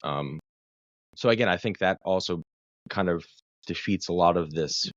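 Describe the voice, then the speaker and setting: A man's voice: low voice, moderate pace, pauses often, dry recording, highs cut off. A man, a clinician who works with first responders, telling a long personal story in casual podcast chat, swearing freely and correcting himself as he goes. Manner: profane, rambling, self-correcting storyteller. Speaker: guest, mental health clinician for first responders.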